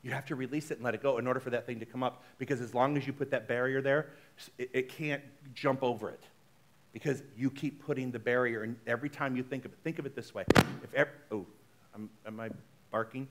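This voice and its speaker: A male minister giving a conversational sermon, animated and chatty, often checking in with the congregation. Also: mid-range voice, fast talker. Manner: chatty, frequently asks the congregation "right?"; animated, shifts between loud exclamations and soft asides.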